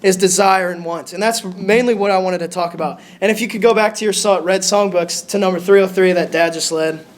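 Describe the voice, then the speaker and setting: A young lay preacher speaks in a high, fairly even voice while giving a short lesson in his church's sanctuary. Nervousness shows as he stops and restarts sentences often, with a faint background hum.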